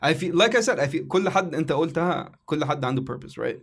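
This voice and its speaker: Fast-talking emotional Egyptian man. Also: fairly high pitch, animated. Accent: Egyptian Arabic. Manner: emotional, rambling with restarts and laughs. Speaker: podcast host and comedian. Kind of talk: casual podcast conversation.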